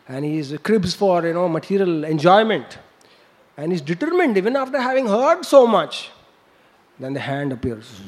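A man preaching, telling a story with laughs and sound effects. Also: sits high. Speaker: monk preacher. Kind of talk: storytelling sermon.

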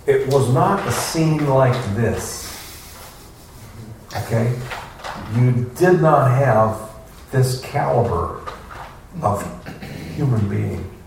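A man teaching an informal scripture class, asking rhetorical questions in a folksy way. His voice is gravelly and lively, rising and falling a lot. He is recorded from a distance in a very echoey room with faint background noise. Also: medium pitch, very slow, pauses often. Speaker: spiritual teacher giving a class.

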